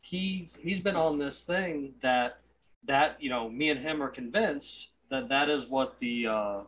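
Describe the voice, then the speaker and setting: Podcast host, male, mid pitch; polite, hesitant, full of restarts. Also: fairly bright tone, poor audio. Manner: hesitant, polite, halting interjection. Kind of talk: casual podcast conversation.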